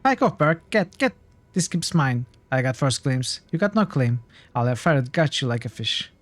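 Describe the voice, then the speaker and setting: A man's voice: medium pitch, sing-song, moderate pace, no room sound, natural voice. A man voicing a short, filthy, wheezing male trader in a role-playing game, reading his lines aloud on stream. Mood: angry. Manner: suspicious, snappish, tacks "eh" onto phrases.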